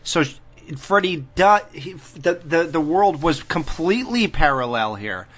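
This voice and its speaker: A man walks through film scenes on a relaxed podcast, joking as he goes. His voice is bright and edged, pitched a bit high. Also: unhurried. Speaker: podcast host. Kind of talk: casual movie review chat.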